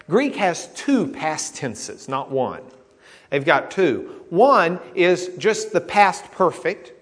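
Guy preaching, kinda high voice, chatty teaching style, keeps saying okay?. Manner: conversational teaching, with frequent "okay?" checks and restarts. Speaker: pastor. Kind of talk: sermon, teaching Bible study.

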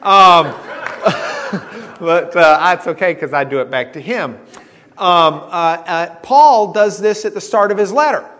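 A man's voice: high-pitched, animated, a little slow, fairly bright tone. A man preaching a conversational teaching sermon, checking in with the congregation as he explains. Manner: conversational teaching, with frequent "okay?" checks and restarts. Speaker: pastor. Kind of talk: sermon, teaching Bible study.

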